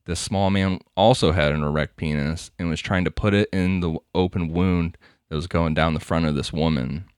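A man's voice: deep voice, steady tone, moderate pace, smooth, no room sound, clean studio sound. A man hosting a podcast, telling a crime story in a casual, crude, laughing way. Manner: laughing, crude, conversational narration. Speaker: podcast host.

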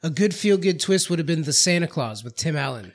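Higher-voiced jokey podcast co-host. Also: male voice, expressive. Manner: jokey, quick to laugh. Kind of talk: casual chat.

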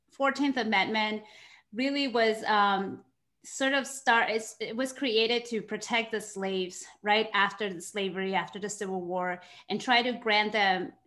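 Bright-voiced bilingual woman hosting an interview. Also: medium pitch. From immigrant to the United States. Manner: earnest, gets emotional and laughs. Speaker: interview host.

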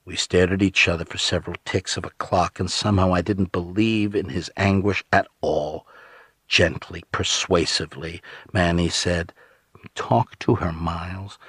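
Male audiobook narrator, husky voice, dry close mic, measured, steady storytelling. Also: low-pitched, no room sound. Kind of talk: first-person audiobook narration.

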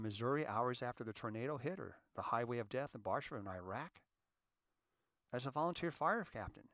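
A man's voice: mid-range voice, no room sound, studio quality. Emphatic middle-aged American man. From United States. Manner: emphatic, repeats key phrases, addresses the audience as ladies and gentlemen. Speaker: volunteer fire captain. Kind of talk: impassioned monologue.

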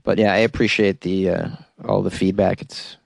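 A man's voice: low voice, flat delivery, normal speed, creaky, no room sound. A man hosting a podcast in a casual, comedic commentary style, sarcastic and mock-enthusiastic, chuckling as he talks. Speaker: podcast host.

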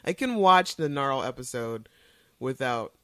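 A woman's voice: very deep voice, animated, unhurried, a bit bright. A woman co-hosting a podcast in casual chat, retelling scenes animatedly and laughing often. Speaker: podcast co-host.

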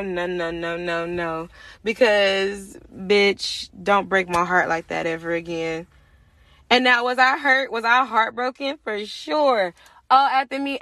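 A young woman hosting a podcast, telling a personal story in casual, profane, animated talk and acting out the other people's lines. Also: mid-range voice, no room sound. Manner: animated, profane, acts out quoted voices. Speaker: podcast host.

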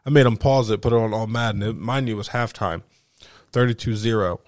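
A man hosting a home podcast, telling an animated, profane story in casual chat and acting out the voices of the people he quotes. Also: on the low side, a little fast, no echo, clean studio sound. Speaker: podcast host.

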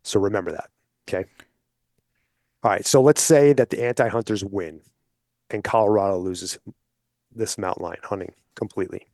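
A man speaking as a podcast guest, persuasive and explanatory, often checking in with listeners with a quick "okay?". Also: fairly low pitch, a little mellow, no room sound, studio quality. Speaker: hunting advocate guest. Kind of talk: casual podcast conversation.

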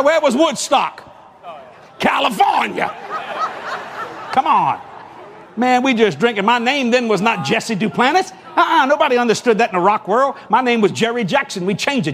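High-voiced folksy preacher man. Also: normal speed, slight background noise. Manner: folksy, animated, drawling with repetitions. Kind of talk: sermon with storytelling.

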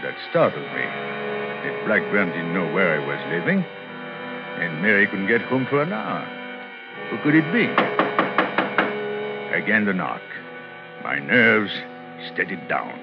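A sly, self-satisfied swindler who narrates his own misdeeds in a smooth, lively voice that swoops up and down. It is heard through a dull, lo-fi old radio broadcast. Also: a little slow, pauses often, loud music behind the voice, heavily acted. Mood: smug. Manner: smooth, self-satisfied, turns shrill when cornered. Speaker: narrator and lead character. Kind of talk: 1950s radio thriller acting.

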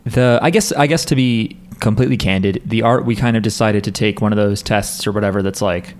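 A podcast host with a lowish, brisk voice chats casually. He rambles loosely, full of fillers and restarts.

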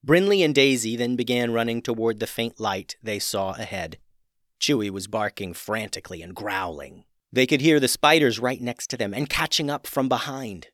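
A man narrating a children's fantasy story with expressive, dramatic storytelling. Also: medium pitch, normal speed, no echo, clean studio sound.

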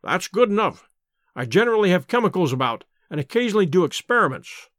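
Sherlock Holmes, a brisk eccentric detective, read by a man. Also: high-pitched, sing-song, fairly bright tone, no echo, clean studio sound. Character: sharp, eccentric male amateur detective. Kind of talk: audiobook character reading.

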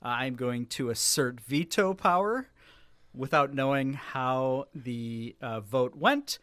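Dry, bright-voiced male sports podcaster. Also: mid-range voice, takes it slowly, no room sound. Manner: wry, deadpan delivery with bursts of laughter. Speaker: podcast co-host. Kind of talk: casual sports chat.

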